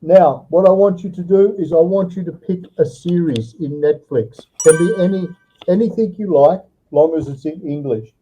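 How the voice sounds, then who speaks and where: A man's voice: a little high, normal speed, dark tone, breathy edge, highs cut off. A man tutoring a student over a video call, giving step-by-step advice and checking in with "all right" often. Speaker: online English tutor.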